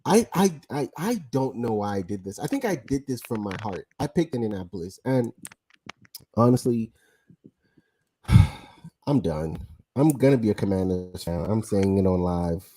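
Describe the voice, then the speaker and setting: A man's voice: fairly low pitch, moderate pace, pauses often. A man co-hosting a sports podcast, talking in casual banter and cursing for emphasis. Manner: animated, emphatic, curses for effect. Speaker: podcast co-host.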